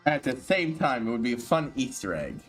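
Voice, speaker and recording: A man's voice: medium pitch, sing-song, a little fast, breathy edge, soft background music. A man streaming a video game, chatting casually, often swearing and stumbling over his words. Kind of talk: casual gaming commentary.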